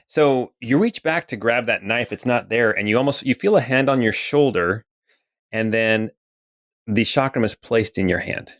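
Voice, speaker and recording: Calm man running a tabletop game. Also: medium pitch, normal speed, no room sound, studio quality. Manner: calm, methodical, with frequent "okay" and "um". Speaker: dungeon master.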